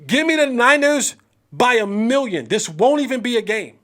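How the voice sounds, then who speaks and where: The host of a sports talk show has a very high voice, far above the usual male range, and keeps a moderate pace. Full of slang, he talks right to the viewers, animated and emphatic, drawing out his exclamations.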